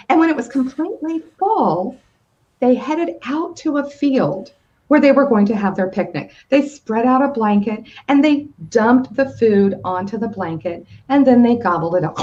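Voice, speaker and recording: A woman telling a children's story as a guest on a video call, lively and inviting the listener to join in. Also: fairly high pitch, a little slow, muffled recording.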